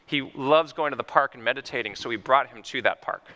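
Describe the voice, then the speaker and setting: A man, a physician, giving a conference talk and telling patient stories in an animated way. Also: medium pitch, fairly quick, slight background noise. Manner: animated, vivid storytelling. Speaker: physician speaker. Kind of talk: conference keynote storytelling.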